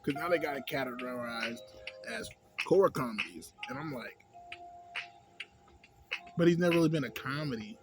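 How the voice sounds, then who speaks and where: A young man rambling casually and profanely into his phone about a movie, acting out scenes in a higher voice. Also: low-quality recording. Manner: loose, profane, rambling, acts out scenes in a high voice. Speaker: vlogger. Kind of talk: casual smoke-session movie review.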